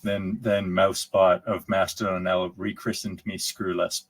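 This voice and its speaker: A man's voice: low-pitched, fairly even intonation, normal speed, few pauses, husky, rough recording. A man answering questions on a video call in a loose, rambling way, often restarting and repeating words. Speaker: conference speaker answering questions. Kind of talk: casual Q&A chat.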